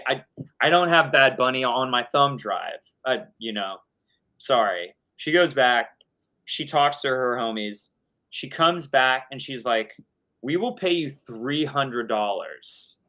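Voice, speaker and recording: Young adult male DJ, casual animated storyteller, mid-pitched, swears freely. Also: clear, resonant tone. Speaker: DJ guest. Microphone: video call.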